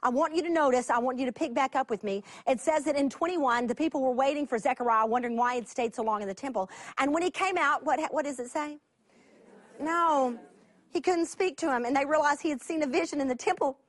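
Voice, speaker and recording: High, animated woman Bible teacher; dry, close sound. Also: brisk, dry recording. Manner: animated, laughing storyteller. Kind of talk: teaching sermon.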